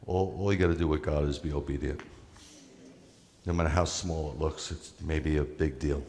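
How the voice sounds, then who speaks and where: A rabbi preaches in a relaxed, conversational way and leans hard on his key points. His voice is very low, and a long reverb trails each phrase, as in a large hall. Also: moderate pace. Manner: conversational, emphatic preaching with asides to the congregation. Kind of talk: sermon.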